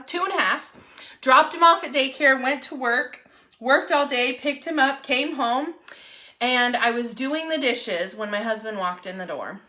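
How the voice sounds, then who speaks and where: A woman, telling a personal story to viewers in a chatty, animated way and often asking "right?". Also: fairly high pitch. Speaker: real estate agent.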